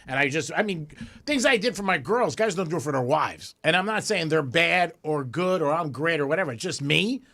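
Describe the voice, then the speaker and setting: Guy on the radio ranting away, voice jumping all over, kinda high. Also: a little fast. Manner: animated, ranting, exasperated. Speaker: radio show host. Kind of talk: sports radio talk. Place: radio studio.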